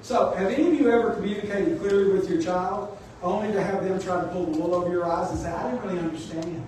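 Exhorting his flock with emphasis, a pastor delivers a sermon in a high voice. The recording catches a little hiss or hum, with the echo of the church hall and a distant mic.

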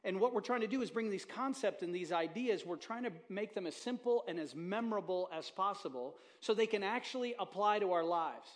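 A man's voice: high-pitched, lively intonation, fairly quick, few pauses. A man preaching a casual, joking sermon as pastor, chatting with the congregation from the stage. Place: church auditorium.

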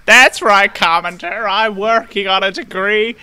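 A man putting on a loud, drawling voice of an old American cowboy prospector for a joke. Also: sits high, unhurried, clean tone, voice pushed up, heavily acted. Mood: hammy. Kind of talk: comic impression in casual chat.

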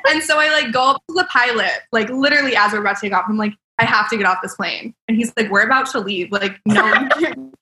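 With a sharp tone, a voice on the high side and a quick pace, a young celebrity makeup artist tells stories as a podcast guest. The chat is casual and bubbly, filled with laughter and "like," and the room echoes noticeably.

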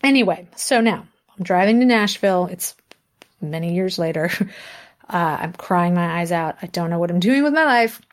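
A woman in her thirties, a musician guest, telling a story in a relaxed interview. She talks in a lively, animated way, often laughs mid-sentence and acts out the lines people said. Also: lowish voice, normal speed.

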